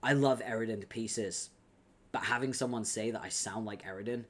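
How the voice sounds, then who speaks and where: A man streaming at his desk mic, reading a webcomic aloud and breaking off to chat with his viewers. His talk is loose and casual, full of quick laughs and offhand swearing. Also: lowish voice, fairly bright tone. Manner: laughs often, swears casually, chatty asides.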